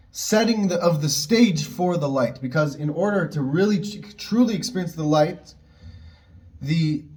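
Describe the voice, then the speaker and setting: Male Torah teacher, slightly high voice, earnest and fervent, frequent restarts. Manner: earnest, rising excitement with many restarts. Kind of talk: spoken Torah lesson.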